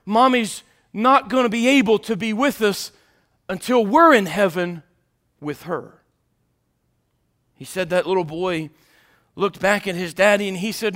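A man preaching an Easter sermon, moving between hushed storytelling and fervent, raised passages. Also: extremely high pitch, moderate pace. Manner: dynamic preaching, swinging from hushed to shouting.

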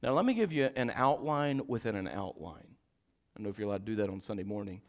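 A man preaching a sermon, swinging from shouted exhortation to quiet, folksy storytelling as he acts out Bible figures. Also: fairly low pitch, lively intonation, fast. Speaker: pastor.

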